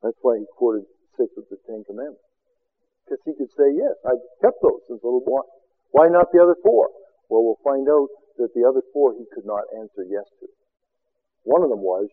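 A man preaching a sermon as a seminar teacher, firing rhetorical questions and swinging from loud exclamations to quiet asides. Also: mid-range voice, expressive, moderate pace, slightly rough, phone-quality sound.

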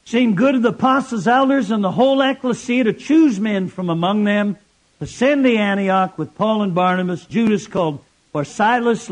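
A man preaching, his voice pitched unusually high. He talks to the congregation in a conversational but emphatic way, throwing rhetorical questions at them between scripture readings. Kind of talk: sermon.

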